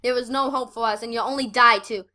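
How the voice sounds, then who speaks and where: A protective young male wolf pup speaks with urgency, as a woman reads him. The voice is bright and a little high. He is a brother from a homemade animal story. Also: fairly even intonation, fast talker, slight background noise. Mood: urgent.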